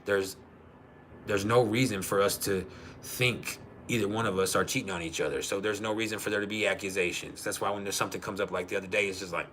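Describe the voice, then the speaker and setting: With slight background noise behind him, a man hosts a livestream in a lowish, steady, fairly bright voice at a fast clip. He tells stories casually, cursing freely and laughing a lot.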